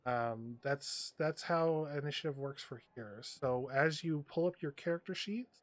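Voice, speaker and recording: A man's voice: on the high side, unhurried, dry recording. A man running a tabletop role-playing game as game master, talking loosely with lots of fillers. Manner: rambling with many fillers.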